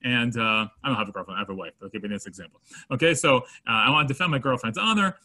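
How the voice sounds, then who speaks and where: A man's voice: medium pitch, very fast. A man teaching a Torah class, mixing Hebrew terms into his English and acting out everyday scenes. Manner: animated, acts out scenarios with quoted voices. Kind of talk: Torah lesson to students.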